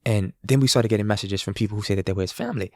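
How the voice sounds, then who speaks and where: A young man from New Orleans, a guest musician, telling a story in a casual, animated way. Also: fairly low pitch, racing, no room sound, clean studio sound. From New Orleans, USA. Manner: animated, acts out quoted voices.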